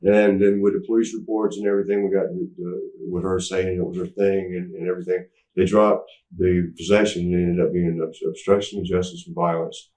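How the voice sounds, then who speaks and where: Low-voiced man telling a rambling story. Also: level tone, fairly quick, dark tone. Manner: rambling with restarts, acting out quotes, laughing. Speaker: interview guest. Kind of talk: candid storytelling interview. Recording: roomy, mic at some distance.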